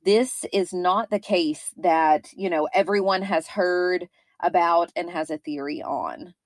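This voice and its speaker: A woman in her thirties with a Kentucky accent talks through a case in a casual, rambling podcast style, with plenty of fillers. Her voice sits a little low. The sound is dry and close. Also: slow pace, no echo. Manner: chatty, rambling, with frequent fillers. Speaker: podcast co-host. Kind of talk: casual true-crime podcast chat.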